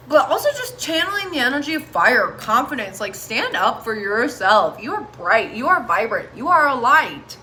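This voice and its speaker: A tarot reader gives a casual reading, speaking directly to viewers in a candid, chatty, encouraging way and swearing plenty. Her voice is on the high side, pushed and bright, with slight background noise.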